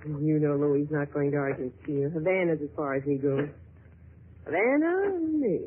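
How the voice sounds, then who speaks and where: A woman's voice: sits low, expressive, moderate pace, noisy background. An actress playing a sultry, scheming woman who teases and mocks, in a 1950s radio drama. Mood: teasing. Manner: teasing, mocking. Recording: tinny lo-fi old radio broadcast.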